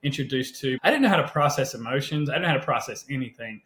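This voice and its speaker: A man telling personal stories as a podcast guest, animated and conversational, often checking in with "right?". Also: medium pitch, fast talker. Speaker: podcast guest, health coach. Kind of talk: casual storytelling interview. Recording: roomy echo.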